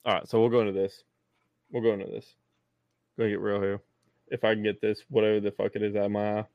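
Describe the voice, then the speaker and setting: A man's voice: lowish voice, level tone, fast, no echo, phone-quality sound. A man with a Southern US accent talking bluntly and laughing often in a casual chat. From Southern United States.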